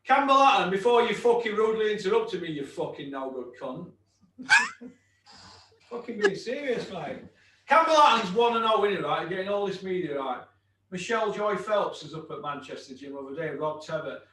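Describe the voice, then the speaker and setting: A man's voice: high-pitched, very animated, moderate pace, roomy sound, far from the mic, noisy background. A man hosting a casual podcast, talking bluntly, swearing freely and ribbing his co-host with mock aggression.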